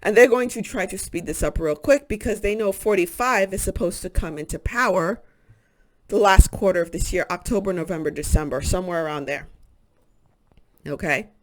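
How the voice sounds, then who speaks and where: A woman hosting a spiritual channel, talking in an earnest, halting casual monologue with many pauses and fillers. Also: on the low side.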